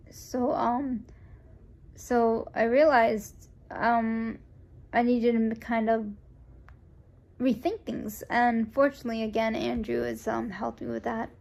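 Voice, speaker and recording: Rambling young woman with a bright, higher voice. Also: creaky. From United States. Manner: rambling, with frequent restarts and fillers; acts out quoted dialogue in a lively voice. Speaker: vlogger. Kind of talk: casual personal storytelling.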